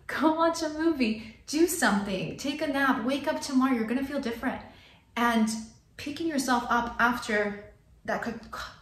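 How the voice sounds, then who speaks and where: A woman with a somewhat high voice talks straight to camera in an earnest motivational pep talk. She repeats key phrases for emphasis. The room around her is echoey. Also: a bit bright, a little hiss or hum. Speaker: lifestyle vlogger.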